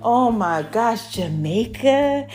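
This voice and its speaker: A young adult woman talks straight to her listeners as a podcast host, chatty and animated. Her voice sits fairly high and jumps up and down in pitch, drawing out her exclamations. Faint music plays quietly behind her. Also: slow. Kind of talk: casual chat.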